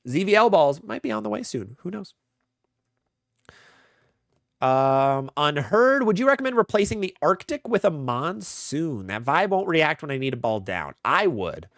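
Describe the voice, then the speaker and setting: A man's voice: fairly high pitch, sing-song, a little slow, no room sound. Man, live stream host, casual advice, fillers, dry close sound. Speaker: bowling channel host. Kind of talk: live stream Q&A, answering chat.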